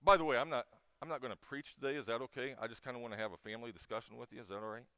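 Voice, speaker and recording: A middle-aged man speaks at a chapel in an informal talk, telling a story with strong emotion and restarting often. His voice sits at medium pitch and is steady, sharp, clear and resonant, though he talks very fast. The recording is dry.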